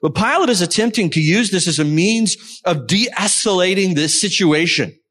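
A man's voice: sits high, expressive, normal speed, fairly bright tone. A man preaching a sermon, explaining a Bible passage and reading scripture aloud. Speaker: pastor.

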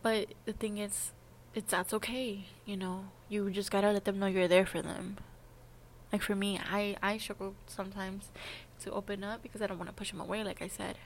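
Young woman rambling softly. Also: mid-range voice, level tone, normal speed, a little hiss or hum. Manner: rambling, hesitant, heavy use of filler "like". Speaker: vlogger. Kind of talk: casual confessional monologue.

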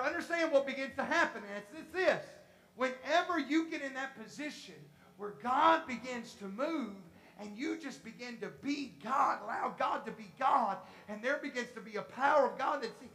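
A Pentecostal preacher giving an impassioned sermon, repeating phrases, rising to shouts, and acting out voices from the congregation. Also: high voice, roomy sound. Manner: repetitive, acts out congregation voices. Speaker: pastor.

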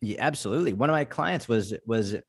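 A man's voice: mid-range voice, animated, a little fast, creaky, husky, no echo, clean studio sound. A young man guest talking casually in an interview, telling personal stories with lots of filler words. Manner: casual storytelling, filler-heavy with frequent "like". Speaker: podcast guest, fitness coach.

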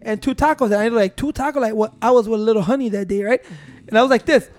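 High-voiced man telling a story. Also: fast talker. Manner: rambling, profane, mixing in Spanish, keeps saying "wait". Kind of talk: casual storytelling among friends.

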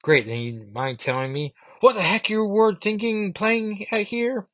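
A man voicing a spunky teenage girl hero, exclaiming excitedly in a raised voice. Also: mid-range voice, a little slow, no echo, pitched above the performer's own voice, close to an everyday voice. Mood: brisk.

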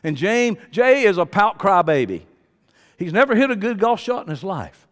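An older preacher tells stories from the pulpit, dropping to quiet asides and then rising to loud shouts. His voice sits a little high for a man. It carries a long reverb, as if recorded in a big church hall. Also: very animated, moderate pace. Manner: storytelling, swings from low asides to loud shouting. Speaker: pastor. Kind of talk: sermon.

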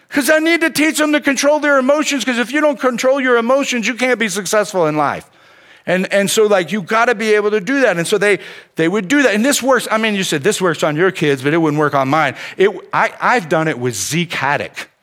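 A middle-aged preacher with a high, lifted voice and a bright, forward edge to his tone. He tells stories from the pulpit in an animated, conversational way, dropping "man" into his sentences again and again. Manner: animated storytelling, peppered with "man". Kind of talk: sermon.

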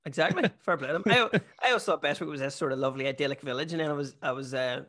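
A man's voice: fairly high pitch, bright, forceful tone. A young man with a Northern Irish accent, a stand-up comedian chatting as a podcast guest and telling funny stories. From Northern Ireland. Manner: chatty storyteller, quick jokes. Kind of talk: casual podcast chat.

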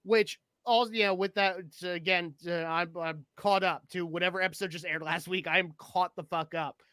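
A man co-hosting a casual chat, excitable and swearing freely as he acts out his own reactions. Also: high-pitched, moderate pace, dry recording. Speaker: podcast co-host.

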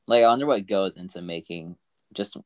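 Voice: deep voice, moderate pace, no room sound, studio quality. A podcast co-host chatting casually, playful and joking, with frequent giggles. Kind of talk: casual chat.

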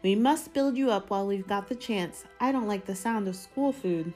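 A woman's voice: medium pitch, normal speed, darkish tone, soft background music, pitched above the performer's own voice, close to an everyday voice. A woman doing a fussy, cooing aunt. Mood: doting. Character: fussing, doting middle-aged aunt.

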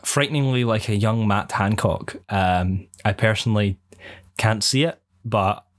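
A man's voice: on the low side, measured pace. A man co-hosting a casual podcast, talking in a rambling, hesitant way with many fillers. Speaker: podcast co-host. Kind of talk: casual chat.

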